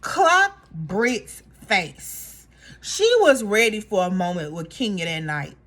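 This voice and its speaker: A woman casually recapping a reality show in a gossipy, animated way, acting out the cast members' lines. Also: mid-range voice, slow.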